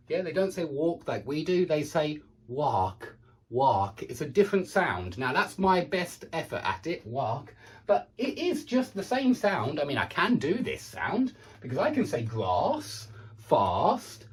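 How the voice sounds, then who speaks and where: A man with a British accent giving a casual pronunciation lesson, chatting and repeating words slowly to model the sounds. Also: a little high, darkish tone, rough recording. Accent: British English. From United Kingdom. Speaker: English teacher.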